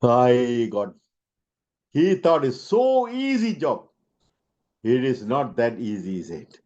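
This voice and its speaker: A man's voice: mid-range voice, dark tone. A man giving a motivational sales lesson, telling stories with asides and frequent rhetorical checks. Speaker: sales trainer. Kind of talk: motivational storytelling lecture. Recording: dull lo-fi recording.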